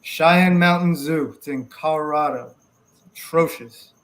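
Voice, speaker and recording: A man's voice: on the high side, a little slow, fairly bright tone, slight background noise. A man co-hosting a casual podcast chat, talking in detail and using Latin species names. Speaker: podcast co-host.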